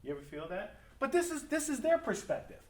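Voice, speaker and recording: A middle-aged man preaching as a pastor in a conversational, animated way, acting out family conversations. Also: extremely high pitch, a little fast. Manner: animated, acts out family dialogue. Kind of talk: conversational sermon talk. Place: church or school hall. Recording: echoey room, mic from a distance.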